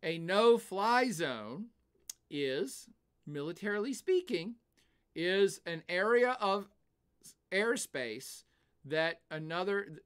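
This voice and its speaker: Older male streamer, animated and chatty, answers viewer questions. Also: high-pitched, clear, resonant tone. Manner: animated, laughs often, puts on silly voices. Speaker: livestream host. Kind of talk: casual livestream chat, answering chat questions.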